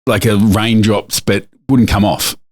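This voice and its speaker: A middle-aged Australian man co-hosting a podcast tells a story in casual chat, rambling with lots of fillers and restarts. His voice is fairly low in pitch, level in tone, and measured in pace.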